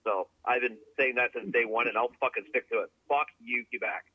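A man's voice: medium pitch, steady tone, a little fast, a crowd in the background. A man from Southern Ontario, ranting bluntly and profanely as a call-in guest in casual chat. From Southern Ontario, Canada. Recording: dry, muffled phone line.

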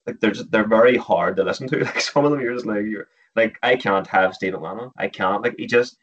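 A man with a fairly low voice sits well back from a dull, muffled mic. He rants bluntly about football pundits, swearing freely in casual podcast chat. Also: brisk, fairly bright tone, recorded from a distance, slight background noise. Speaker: podcast co-host.

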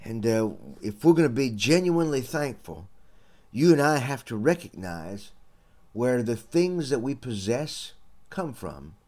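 A man's voice: mid-range voice, very animated, unhurried, warm tone. A man hosting a radio sermon, earnest and folksy, calling his listeners friends. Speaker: radio preacher and podcast host.

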